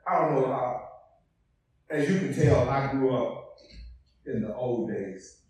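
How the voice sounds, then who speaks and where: A man preaching a call-and-response sermon, swelling from soft passages to shouts and stretching out key words. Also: mid-range voice, takes it slowly, slight background noise. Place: church sanctuary. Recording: echoey hall, preacher far from the mic.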